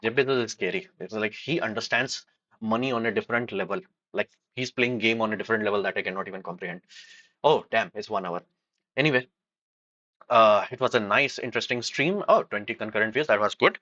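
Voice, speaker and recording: A man riffs on a casual livestream, opinionated and rambling, with frequent fillers and restarts. His voice is bright and forward, caught close and dry. The audio is slightly dull, like a home stream setup. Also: on the low side, a little fast, no echo. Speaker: livestream host.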